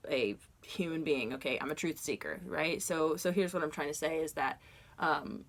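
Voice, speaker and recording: At normal speed, a woman rambles casually through a long story from her dream journal, saying "like" and "you know" a lot. She grows more animated as she goes, getting loud and high-pitched when she retells confrontations.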